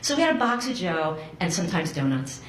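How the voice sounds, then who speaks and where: A woman's voice: brisk, a little hiss or hum. Chatty woman telling a story on stage. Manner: animated, chatty, acts out quotes with big pitch jumps. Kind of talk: live personal storytelling. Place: stage before a live audience. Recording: roomy live stage sound with faint ambience.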